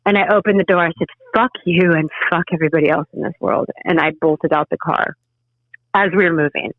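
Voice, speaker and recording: A woman's voice: fairly low pitch, steady tone, dry recording. Woman recounting a hard past over a phone line. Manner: halting, emotional, frequent restarts. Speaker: podcast guest. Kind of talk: personal storytelling in an interview. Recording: tinny phone-line sound.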